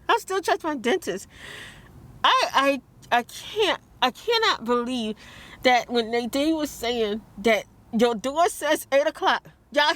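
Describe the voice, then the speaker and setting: A woman vlogging in a heated, tearful rant, talking fast and quoting others. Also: high voice, a bit bright. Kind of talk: emotional vlog rant.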